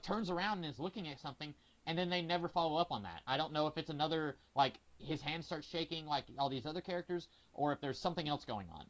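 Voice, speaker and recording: A man's voice: fairly high pitch, highs cut off. A young man co-hosting a casual podcast chat, thoughtful and hesitant, with many ums. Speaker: podcast co-host.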